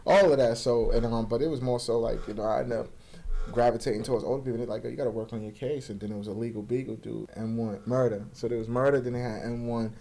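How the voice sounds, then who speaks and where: Fast and mid-range with vocal fry, a young man shares his life story as an interview guest, animatedly acting out other voices in profane street slang.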